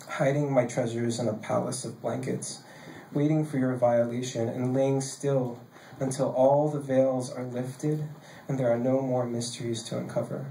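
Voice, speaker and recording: A man reads his own poems live into a handheld stage mic in a basement bar. He jokes casually between poems and slows into a measured delivery for the verse. The room is echoey, with faint noise beneath. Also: medium pitch, flat delivery, vocal fry, mellow. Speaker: poet reading his own work. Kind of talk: live poetry reading.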